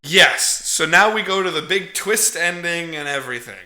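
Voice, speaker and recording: A man recapping a horror movie on a podcast, in a casual, animated, profane way, laughing often. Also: a little high, moderate pace, roomy sound. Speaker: podcast co-host.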